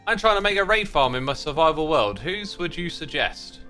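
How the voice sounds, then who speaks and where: A man with a bright, clear voice chats casually while he plays a game on a live stream. He reads viewer messages aloud and thanks supporters between thoughts. Soft music runs quietly behind him. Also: fairly high pitch, animated, brisk. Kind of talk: casual livestream chat while playing.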